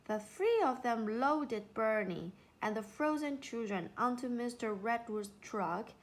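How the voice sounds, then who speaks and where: A woman narrating a children's storybook in an unhurried, expressive way. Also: a little high.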